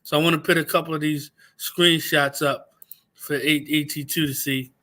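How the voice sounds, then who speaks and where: A man's voice: fairly high pitch, level tone, moderate pace, sharp tone. A man hosting a livestream, ranting angrily and profanely, repeating himself for emphasis. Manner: profane, heated, repeats phrases. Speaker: livestream host. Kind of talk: angry livestream rant.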